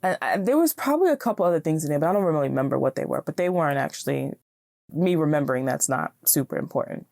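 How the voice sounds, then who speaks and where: Woman podcast host, low register, easygoing and encouraging, dry close sound. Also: lively intonation, fast talker, vocal fry, darkish tone, no echo. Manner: chatty, encouraging, laughs often. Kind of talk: casual solo podcast talk.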